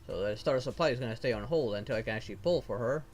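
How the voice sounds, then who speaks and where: A man's voice: mid-range voice, racing, darkish tone. A man streaming as a VTuber, casually thinking aloud while he pulls and sorts game rewards. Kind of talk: casual gameplay commentary.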